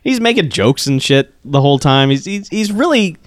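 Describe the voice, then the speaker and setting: A man on a movie podcast whose voice swings lively up and down. He jokes around and laughs often. The sound is dry and close to the mic. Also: fairly high pitch, normal speed, dry recording. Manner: animated, jokey, laughs often. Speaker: podcast co-host. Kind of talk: casual chat reviewing a movie.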